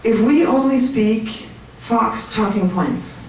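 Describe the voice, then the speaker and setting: A woman giving an animated, chatty talk to a room of people, joking with her audience. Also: fairly high pitch, slow pace, slight background noise. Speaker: speaker at a political meetup. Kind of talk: lively speech to a crowd. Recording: echoey room, mic at a distance.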